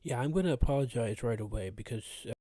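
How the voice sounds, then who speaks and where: Mellow-voiced man, slightly rough, chatting. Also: mid-range voice, quick pace, dry recording, studio quality. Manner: relaxed, greets chat viewers by name, frequent uh fillers. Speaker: horror story channel host. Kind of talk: casual live stream chat.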